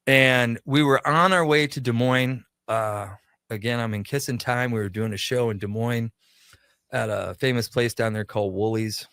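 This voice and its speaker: A man guesting on a radio talk show, spinning a long anecdote and playing out each exchange of dialogue. His voice sits at an ordinary middle pitch. It is recorded close and dry, with no room sound. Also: steady tone, moderate pace, a bit bright, clean tone, dry recording. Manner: chatty anecdotal storytelling, acts out quoted dialogue. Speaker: guest, pop culture shop owner. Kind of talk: radio interview storytelling.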